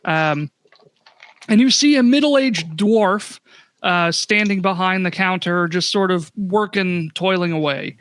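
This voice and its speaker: A man narrates a tabletop game in a loose, rambling way, filling the gaps with likes and ums and swearing freely. His voice is high-pitched and bright. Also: slow, smooth. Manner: rambling, profane, full of fillers. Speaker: game master.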